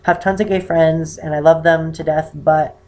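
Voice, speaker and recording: An eighteen-year-old man with a naturally high voice, chatting to camera in a rambling, self-conscious way. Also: fairly even intonation, moderate pace, darkish tone. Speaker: vlogger answering a viewer question. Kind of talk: casual chat to camera.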